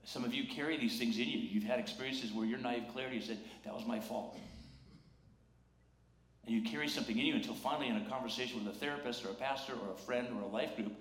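A man's voice: mid-range voice, rapid-fire, hardly any pauses, a bit bright. A male pastor preaching a sermon in a conversational, humorous way, acting out the voices he quotes, recorded in a church. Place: church sanctuary. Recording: roomy church sound.

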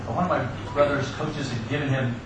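A pastor gives an Easter sermon in a church sanctuary, sharing personal stories with joking asides. His mid-range voice keeps a moderate pace and fairly even intonation, picked up by a distant mic in an echoey room with background hiss.

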